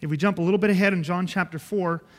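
A man's voice: high voice, steady tone, quick pace, in a large hall. A man preaching a sermon, emphatic and conversational, often checking in with his listeners. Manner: emphatic, repeats and checks in with "okay?".

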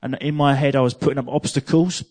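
A man preaching to a congregation, his voice sitting at an ordinary middle pitch. He tells a personal testimony conversationally, repeating words as he goes and slipping in small laughs. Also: fairly even intonation, fast talker, darkish tone.

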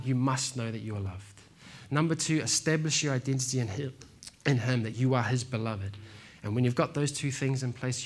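A man preaching a sermon in a relaxed, slangy way, telling stories and calling listeners "man" and "bro". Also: mid-range voice. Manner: laid-back, slangy, says "man" and "bro". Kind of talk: casual sermon with storytelling.

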